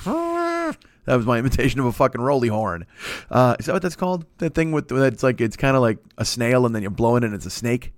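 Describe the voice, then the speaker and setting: A man's voice: medium pitch, no echo, studio quality. A man around forty hosting a solo podcast, rambling through self-mocking jokes and profanity while alone at his microphone. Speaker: podcast host. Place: alone indoors at night. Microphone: studio microphone.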